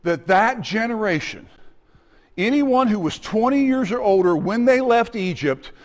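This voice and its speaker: A pastor preaching a sermon in a church, animated and acting out the people in the story, now and then shouting. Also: male voice, high-pitched, in a large hall. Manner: animated, acts out voices and shouts. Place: church sanctuary.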